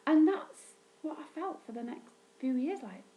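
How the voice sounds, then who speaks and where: A woman telling a funny childhood story in a wry, deadpan vlog monologue, swearing now and then. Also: normal speed, dull audio. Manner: wry, deadpan, sweary humor with sudden pitch jumps. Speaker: vlogger recounting childhood.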